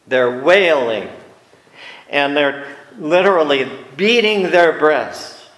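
A man preaching a sermon, slow and deliberate, growing animated when he acts out the scene. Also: medium pitch, roomy sound, poor audio.

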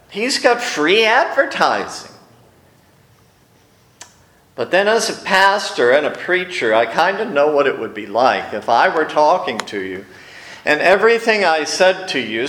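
A male pastor preaches a sermon in a church sanctuary, telling stories and acting out quoted lines in a raised voice. His voice is fairly high and fairly bright, and the room is echoey.

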